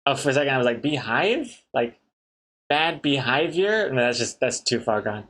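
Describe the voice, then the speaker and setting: With big pitch swings at a normal pace, a comic artist streamer talks casually to his audience. His mid-range, fairly bright voice reads chat messages aloud and laughs at the jokes.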